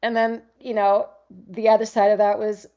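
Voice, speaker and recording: A middle-aged woman, an actress interviewed as a guest, telling a candid story in an animated, conversational way with frequent restarts. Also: medium pitch, normal speed, smooth. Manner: animated, acts out others' lines in voices, frequent restarts.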